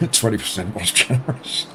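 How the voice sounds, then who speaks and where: A man streaming a sim race, commenting live and bantering with viewers in an excitable, self-mocking way. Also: lowish voice, normal speed. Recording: loud racing game engine noise behind.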